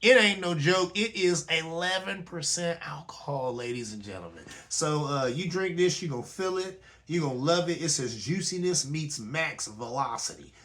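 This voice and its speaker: A man's voice: a little high, animated, normal speed, hardly any pauses, fairly bright tone. A man hosting his own talk show, speaking in a loose conversational way and often asking "you know what I'm saying?". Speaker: host. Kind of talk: casual commentary monologue.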